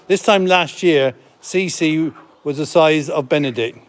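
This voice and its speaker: A middle-aged man hosting a casual live stream from a farm, chatting warmly about the animals with giggles and cooing baby-talk at them. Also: a little high, a little slow. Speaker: farm centre host. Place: outdoors on a farm.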